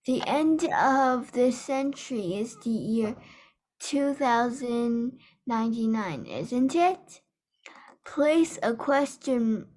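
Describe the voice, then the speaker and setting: A woman student reading a textbook aloud at a slow, careful pace. Her voice sits slightly high, and she stumbles on a word now and then. The sound comes through a video call. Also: darkish tone.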